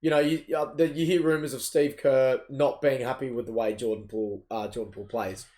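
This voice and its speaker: A man's voice: mid-range voice, fairly even intonation, a little fast, warm tone. Opinionated young man. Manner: chatty, opinionated, swears freely. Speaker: podcast co-host. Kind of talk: casual chat about basketball.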